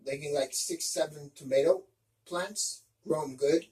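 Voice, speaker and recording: A man's voice: on the high side, unhurried, a little mellow, distant mic, low-quality recording. A man giving casual step-by-step practical tips, often restarting his sentences as he explains. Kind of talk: casual instructional talk.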